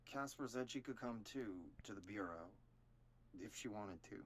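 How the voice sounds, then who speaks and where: Male actor as a sulky young man, resentful, heavy sighs, lively rise and fall, video game dialogue. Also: fairly low pitch, moderate pace, slight background noise, close to an everyday voice. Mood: bitter. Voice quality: sighing, flat and resentful. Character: sullen withdrawn young man under questioning. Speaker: interviewee.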